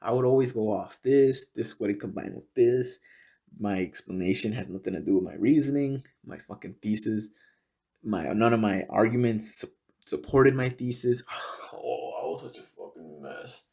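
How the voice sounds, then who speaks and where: A young man hosting a casual podcast, rambling and swearing constantly, full of fillers and often dropping to a low mutter. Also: moderate pace, warm tone. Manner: rambling and heavily profane, with many fillers. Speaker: podcast host.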